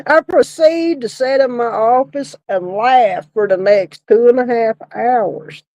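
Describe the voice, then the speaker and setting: A middle-aged woman tells a story in a slow, unhurried drawl, breaking into laughter again and again. Her voice sits a little high and sounds close and dry, with no room around it. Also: dark tone, no room sound, poor audio. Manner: laughs often while telling a story, swears casually. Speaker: podcast co-host, former funeral director. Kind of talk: casual storytelling chat.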